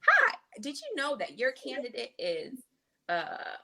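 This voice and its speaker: A woman's voice: high voice, huge pitch swings, measured pace, pushed and bright, a little hiss or hum, pitched above the performer's own voice, heavily acted. A woman voicing an elderly churchgoer on a walker, earnestly passing on rumors.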